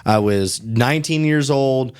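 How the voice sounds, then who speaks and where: Swearing, animated young podcast host. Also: male voice, medium pitch, measured pace, smooth. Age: 20s. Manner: animated storytelling, heavy swearing, frequent "bro" and "dude". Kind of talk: casual podcast chat.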